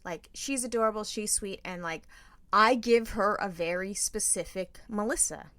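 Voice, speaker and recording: A woman's voice: mid-range voice, moderate pace, dry recording. A woman co-hosting a podcast, telling a story in casual chat and acting out the people she quotes. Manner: animated storyteller, acts out quoted voices. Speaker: podcast co-host.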